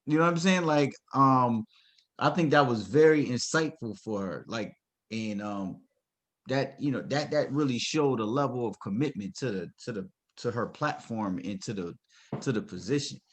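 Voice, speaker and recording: A man's voice: medium pitch, moderate pace. Dude on a panel chat, earnest, gets emphatic making his point. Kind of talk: casual panel discussion.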